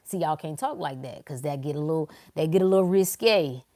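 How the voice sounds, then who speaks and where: A woman's voice: low voice, lively intonation, brisk, warm tone. A woman hosting a casual motivational livestream, talking emphatically to her viewers and repeating phrases to drive her points home. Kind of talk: casual motivational talk to a live audience.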